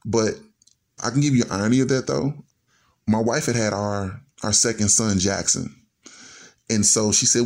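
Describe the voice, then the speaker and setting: A man's voice: fairly low pitch, fairly quick, gravelly, a little mellow. A man in his forties earnestly telling a personal story in a conversational way, acting out bits of dialogue. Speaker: guest storyteller.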